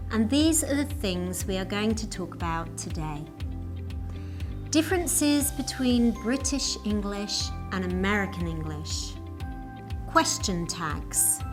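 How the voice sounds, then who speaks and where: A woman narrating a scripted English lesson in a slow, clear and deliberate teaching voice. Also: mid-range voice.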